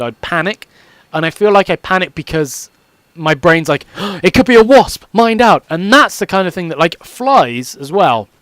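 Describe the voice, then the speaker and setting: A man's voice: on the high side, fairly bright tone, dry recording. A young man rambling casually and swearing freely as he commentates over his gameplay. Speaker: gaming commentator.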